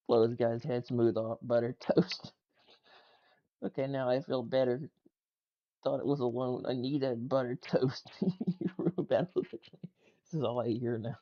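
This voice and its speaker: A man's voice: medium pitch, muffled recording. Laughing, casual gaming streamer guy. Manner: laughs a lot, loose and profane. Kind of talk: casual chat reacting to clips and tweets.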